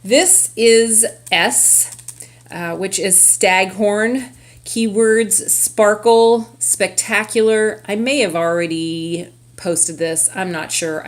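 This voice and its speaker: A woman's voice: medium pitch, steady tone, takes it slowly. A middle-aged woman from California hosting her own craft vlog, talking casually in a chatty, rambling way with lots of fillers. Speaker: craft vlogger. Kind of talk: casual chat.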